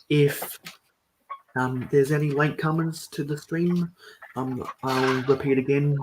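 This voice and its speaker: Man, soft mellow monotone, very slow talker, live stream host at home. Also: on the high side, noisy background. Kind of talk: live stream building commentary.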